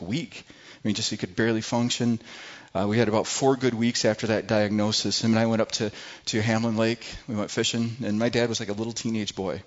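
A middle-aged man, a pastor, telling a personal testimony from the pulpit in a church, earnest and halting with frequent restarts. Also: fairly low pitch. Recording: dull lo-fi recording.

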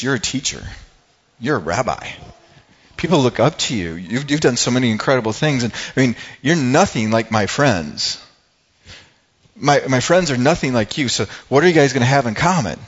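A man voicing a stunned, doubting man who speaks low and hushed, recorded with dull lo-fi sound. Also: expressive, normal speed, slightly rough. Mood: incredulous.

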